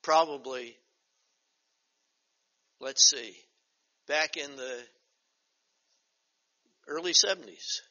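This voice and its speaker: An older man teaching a Bible study as pastor, reading scripture slowly and emphatically, then breaking into chatty asides. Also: on the high side, bright, forceful tone. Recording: dull lo-fi recording.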